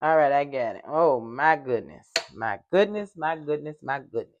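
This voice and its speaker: An older woman chatting casually to viewers while baking in her home kitchen. She hums along as she works and sometimes gets loud in the microphone. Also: low-pitched, expressive, moderate pace, lo-fi sound, slight background noise. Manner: loud at times, apologizes for yelling into the mic. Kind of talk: casual cooking vlog.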